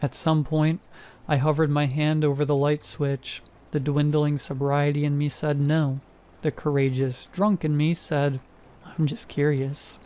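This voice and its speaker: A man narrating a first-person horror story in a steady, measured way. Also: on the high side, clear, resonant tone.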